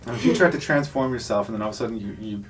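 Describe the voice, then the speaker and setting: A man's voice: lowish voice, rapid-fire, recorded from a distance. A man co-hosting a podcast, casually recapping a cartoon episode and adding wry quips. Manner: wry, adds dry quips to his co-host's lines. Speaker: podcast co-host reviewing a cartoon. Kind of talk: casual comedic recap chat.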